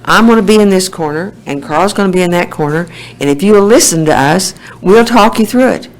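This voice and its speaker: A woman putting on the voice of a gruff old male horse trainer, coaxing in a folksy drawl. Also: lowish voice, a little fast, pitched above the performer's own voice, lightly acted, rough recording. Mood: reassuring.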